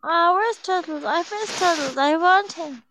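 A woman's voice: very high voice, unhurried, noisy background. A woman co-hosting a casual chat show, gushing effusively and swearing freely.

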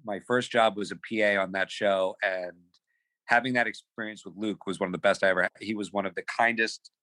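A man telling a story as a podcast guest, animated, repeating words as he acts out quotes on a close mic. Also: on the low side, brisk, no echo, rough recording. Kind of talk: casual storytelling.

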